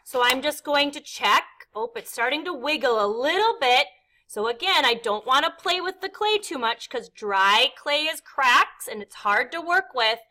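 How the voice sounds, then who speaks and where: High bright-voiced art teacher. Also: female voice, lively intonation, moderate pace. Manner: patient, step-by-step, counts aloud and makes meow sounds. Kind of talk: instructional demonstration.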